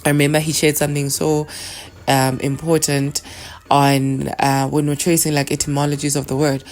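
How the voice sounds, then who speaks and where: A woman hosting a podcast, explaining a spiritual practice in a soft, meandering way and leading chanted names. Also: low voice, little pitch movement, normal speed. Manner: soft-spoken and meandering, with many fillers. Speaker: podcast host.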